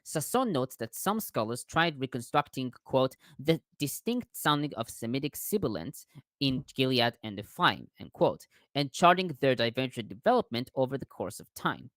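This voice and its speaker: Lively-voiced man reading commentary. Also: mid-range voice, normal speed, dry recording, clean studio sound. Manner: careful reading with small restarts on hard words. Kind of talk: reading quoted scholarly commentary aloud.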